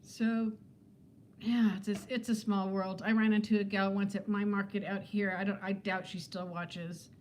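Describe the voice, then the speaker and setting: A woman's voice: mid-range voice, level tone, moderate pace, a little mellow, a little hiss or hum. A woman in her fifties who is a weight-loss vlogger, chatting casually with viewers on a livestream in a rambling way and laughing often. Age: 50s.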